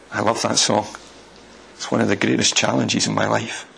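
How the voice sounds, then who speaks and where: A man's voice: on the low side, level tone, normal speed, vocal fry, a bit bright, a little hiss or hum, low-quality recording. A man from Scotland with a Scottish accent, preaching a sermon with rhetorical questions and folksy asides.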